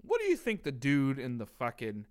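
A man's voice: mid-range voice, wildly swooping pitch, moderate pace, smooth. Profane, exasperated young man ranting. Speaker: podcast co-host. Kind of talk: casual comedic storytelling.

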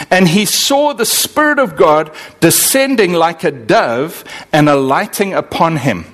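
A man from Zimbabwe, preaching a sermon with animated, dramatic swings in delivery. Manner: animated, with sudden dramatic swings in pitch and pace. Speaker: pastor.

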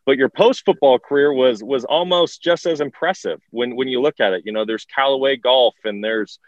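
A man's voice: mid-range voice, normal speed, no room sound. A man in his thirties hosting an interview podcast, earnest and repeating words as he starts his sentences. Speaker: host, former pro football player. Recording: dry, dull-sounding mic.

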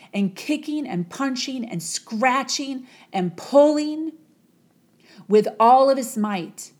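A woman's voice: high voice, lively intonation, slow pace, a little mellow. A woman telling a motivational parable in a dramatic, repetitive storytelling manner. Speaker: motivational speaker. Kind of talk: storytelling talk.

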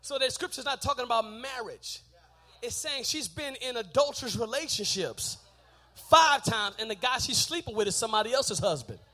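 A man preaching a sermon, shouting his points and joking with the congregation in a church. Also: very high-pitched, expressive, a little fast.

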